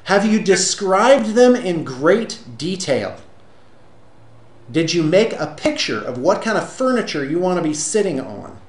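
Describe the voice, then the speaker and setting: A man's voice: sits high, big pitch swings, a little slow. A man in an interview giving emphatic, lecturing motivational advice with rhetorical questions. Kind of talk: motivational monologue. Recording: roomy echo.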